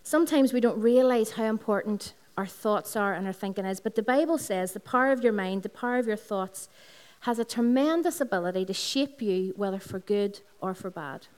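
A woman's voice: mid-range voice, a little fast, hardly any pauses, darkish tone. Northern Irish woman pastor preaching. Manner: personal storytelling with repeated phrases, talks to the congregation. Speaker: lead pastor. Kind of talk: sermon. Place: Sunday service in a school hall.

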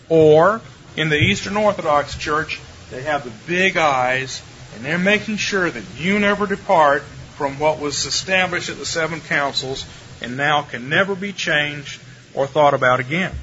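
A man preaching a lecture-style sermon, animated and shifting his pace and pitch for emphasis. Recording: muffled live recording with faint room noise.

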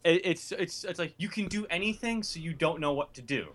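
A man with a fairly high, bright voice chats casually and swings his pitch all over the place. He laughs often and slips into little acted-out voices when he retells a scene. The delivery is loose, playful and expressive. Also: fairly quick. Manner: animated, laughs often, acts out quoted voices. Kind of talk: casual chat.

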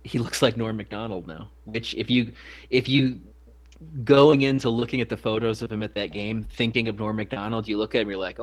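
Rambling low-voiced podcast co-host man. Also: steady tone, fairly quick. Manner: rambling, restarts often, swears casually. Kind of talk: casual chat.

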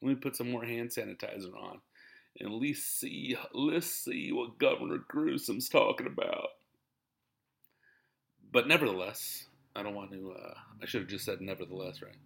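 A man's voice: fairly low pitch, normal speed, creaky, a bit bright. A man hosting a podcast, a stand-up comedian rambling in a laid-back way with lots of laughs. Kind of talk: casual podcast monologue.

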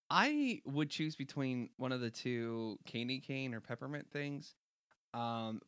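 A man's voice: medium pitch, a bit bright, no echo, studio quality. A man chatting casually beside a story reading, joking and hedging with fillers. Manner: jokey, chatty, hesitant fillers. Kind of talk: casual chat.

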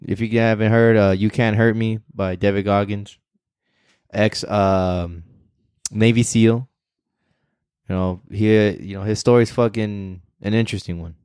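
A young man chatting casually as podcast co-host, slangy and animated, swearing freely. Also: on the low side, measured pace, clean tone, no room sound, clean studio sound. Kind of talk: casual chat.

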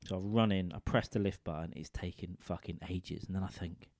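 Low-voiced man telling crude stories. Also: a little fast, darkish tone, no echo, clean studio sound. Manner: rambling, vulgar, checks in with listeners. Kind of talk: crude comic anecdote. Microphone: studio microphone.

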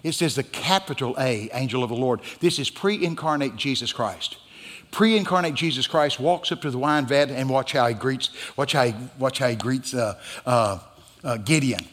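A man preaching a sermon as a guest pastor, animated and rising into shouts. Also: medium pitch, moderate pace. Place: church sanctuary. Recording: church hall reverb.

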